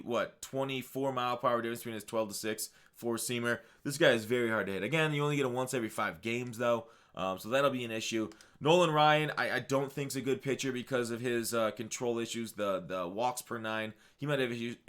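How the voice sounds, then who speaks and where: A man's voice: fairly low pitch, fairly bright tone. Rambling male gaming commentator. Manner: rambling, many fillers and self-corrections. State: hiccuping. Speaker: gaming channel host. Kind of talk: casual video game commentary.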